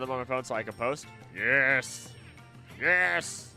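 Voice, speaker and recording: A man chatting casually on a live stream, animated and talking to himself and his pet. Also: medium pitch, normal speed, soft background music. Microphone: desk microphone.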